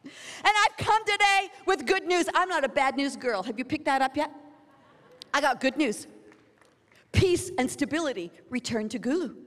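Woman preacher with a high voice, big dramatic storytelling, long hall echo. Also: fairly bright tone. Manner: dramatic storytelling, acting out quotes. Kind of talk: sermon.

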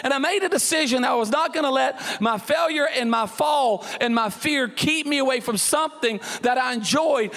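Animated pastor in reverberant hall. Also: male voice, very high voice, moderate pace, gravelly, few pauses. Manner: animated storyteller, acts out voices, exclaims. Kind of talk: sermon with humorous story. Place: church hall. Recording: long church hall reverb.

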